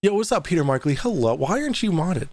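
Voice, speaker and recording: A man's voice: on the high side, very animated, fast talker, a little mellow, no echo. A young adult man hosting a casual livestream, chatting loosely, reading out viewer donations and swearing now and then. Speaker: livestream host.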